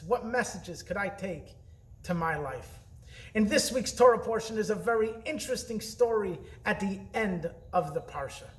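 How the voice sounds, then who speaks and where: A man giving an earnest weekly Torah message, telling the story in a preacherly way with emphatic pauses. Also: sits high, fairly bright tone. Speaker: rabbi.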